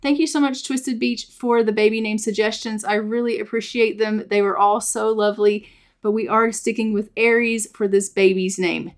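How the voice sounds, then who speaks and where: A woman hosts a let's play of a life-sim game, narrating in a chatty, upbeat way and repeating filler phrases. Her voice is medium-pitched and steady, at normal speed.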